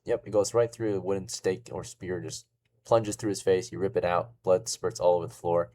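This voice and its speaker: Male game master, low voice, casual filler-heavy narration, faint room hiss. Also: steady tone, normal speed, mellow.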